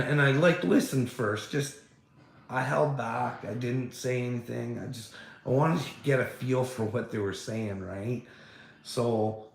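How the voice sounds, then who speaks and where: A man's voice: medium pitch, creaky. A man in a casual, rambling monologue, swearing often and stumbling over his words. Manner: rambling, profane, frequent restarts; laughs between remarks. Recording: echoey room.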